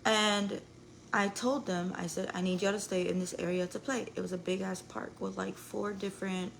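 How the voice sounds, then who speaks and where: A woman's voice: medium pitch, level tone, moderate pace, vocal fry, slight background noise, low-quality recording. A young woman telling a rambling story to her live viewers, full of "like" and swearing. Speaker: live streamer.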